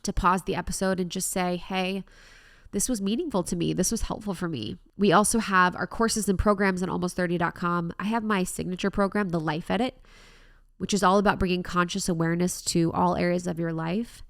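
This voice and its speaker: Young female podcast host, lowish voice with vocal fry, earnest and reflective, dry close mic. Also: steady tone, brisk, dry recording. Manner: warm, earnest, reflective self-help talk. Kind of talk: solo podcast monologue.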